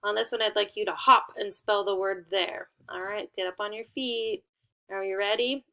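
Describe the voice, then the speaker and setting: A woman's voice: mid-range voice, fairly even intonation, normal speed, creaky, pushed and bright. A woman teaching young children a remote lesson, giving playful and encouraging instructions.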